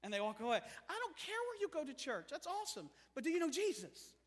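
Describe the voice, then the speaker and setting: In a church sanctuary, a male preacher with a strikingly high voice delivers a fast-paced sermon, swinging between hushed passages and loud, animated bursts. The hall gives his voice a long reverberant tail.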